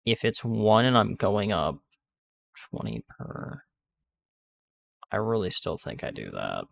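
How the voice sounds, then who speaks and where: A man with a lowish, gravelly voice chats his way through a video game. His delivery is animated in pitch but loose, full of restarts and filler words. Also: slow pace. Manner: rambling, restarts sentences, many fillers. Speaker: gaming video creator. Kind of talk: casual gameplay commentary.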